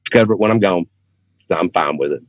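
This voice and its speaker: Appearing as a guest on a video call, this Southern rock singer talks fast in a low-sitting voice, and the audio has no echo. His casual conversation is earnest and emphatic, with a thick accent and repetition for emphasis.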